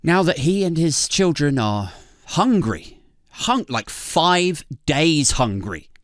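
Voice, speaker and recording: A man's voice: big pitch swings, takes it slowly, fairly bright tone, no room sound, clean studio sound. A British man on a comedy podcast, ranting sarcastically, swearing and laughing as he talks. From Britain. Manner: sarcastic, swearing, laughing often, swooping pitch. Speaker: podcast co-host.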